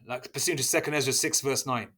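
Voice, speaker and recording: A man preaching and reading scripture aloud, constantly checking in with his listeners and stressing points with sudden loud bursts. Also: mid-range voice, fairly even intonation, quick pace. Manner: checks in with listeners constantly, asking "okay?" and "all right?". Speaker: religious teacher.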